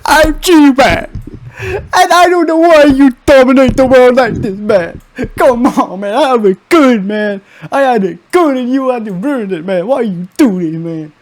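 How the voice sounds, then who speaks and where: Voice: sits high, unhurried, voice pushed up. A gamer doing a sobbing whiny G-Man. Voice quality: crying, whining wail.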